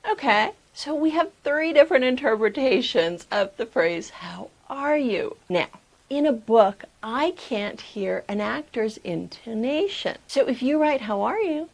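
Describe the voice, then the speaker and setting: Creaky-voiced woman teaching memoir writing. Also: fairly high pitch, lively intonation, unhurried. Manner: emphatic, clear teaching delivery. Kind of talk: instructional talk to camera.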